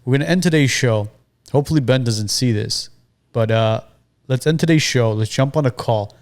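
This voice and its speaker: Male podcast host, mid-pitched, chatty, addresses the audience directly. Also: normal speed, a little mellow. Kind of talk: casual podcast conversation.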